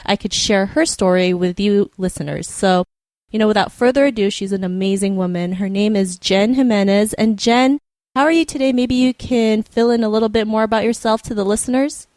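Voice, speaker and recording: Woman, podcast host, cheerful, upbeat, bright rising questions, dry close sound. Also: mid-range voice, a little fast, no room sound. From Canada. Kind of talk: interview podcast.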